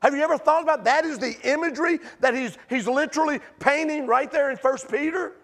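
A middle-aged man preaching a sermon in a church sanctuary, swinging from impassioned near-shouting to hushed pleading. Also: extremely high pitch, brisk. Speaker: pastor.

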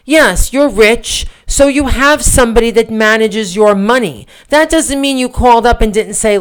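A woman's voice: on the high side, moderate pace, hardly any pauses, clean tone. A woman co-hosting a political podcast, talking in an indignant, emphatic way with rhetorical questions. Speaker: podcast co-host.

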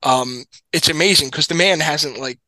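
A man's voice: fairly high pitch, moderate pace, sharp tone, dry recording. A man co-hosting a podcast, telling stories in a rambling, wry way, full of fillers. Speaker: podcast co-host. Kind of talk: casual storytelling chat.

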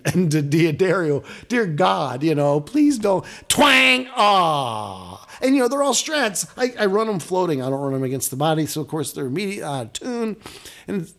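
Male podcast co-host, animated storyteller, higher voice that swings a lot. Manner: animated, rising to loud exclamations when retelling. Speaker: guitarist. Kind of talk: casual storytelling chat.

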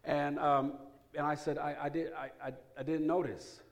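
A man pastor delivering a sermon in a church, shifting between quiet, earnest prayer and loud, joking storytelling. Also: a little high, moderate pace. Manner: energetic, humorous, swings from hushed prayer to loud excitement. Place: church sanctuary.

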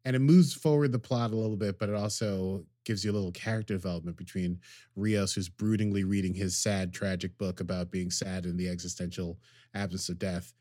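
A man's voice: deep voice, fairly even intonation, brisk, mellow, dry recording, clean studio sound. A man casually recapping a TV episode as a podcast co-host, rambling and joking as he acts out the characters' lines.

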